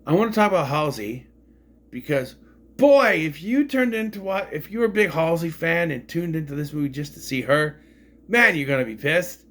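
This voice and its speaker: A man's voice: fairly high pitch, expressive, normal speed, a bit bright. A man casually reviewing a film, rambling and frank, swearing freely as he complains. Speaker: movie reviewer.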